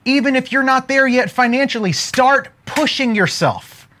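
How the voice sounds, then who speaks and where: A man around forty giving an energetic motivational talk, throwing rhetorical questions at his listeners. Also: extremely high pitch, moderate pace, slight background noise. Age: 40s. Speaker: motivational speaker.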